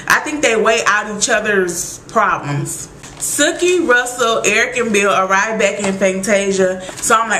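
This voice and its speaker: A woman recapping a TV episode in casual chat, animated and exclaiming as she acts out her own reactions. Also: medium pitch, echoey room, a little hiss or hum, rough recording.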